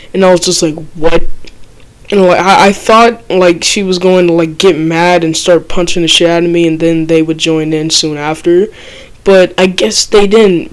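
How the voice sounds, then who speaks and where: Slangy teen telling a storytime. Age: teens. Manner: slangy and profane, drops to a low mutter for quoted lines. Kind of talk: casual storytime.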